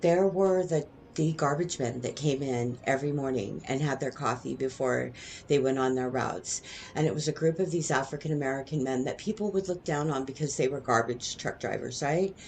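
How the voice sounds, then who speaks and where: A woman's voice: extremely low pitch, normal speed, darkish tone, slight background noise. A middle-aged woman telling stories from her past in a casual, rambling way, often tagging her sentences with "right?". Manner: rambling, digressive, lots of "right?" tags. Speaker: vlogger. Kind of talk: casual storytelling monologue.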